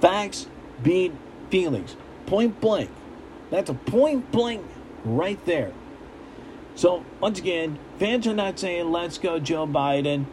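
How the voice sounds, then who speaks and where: A man's voice: sits high, lively intonation, takes it slowly, darkish tone, a little hiss or hum, low-quality recording. Blunt, emphatic young man ranting. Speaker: political commentator. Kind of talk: casual ranting monologue.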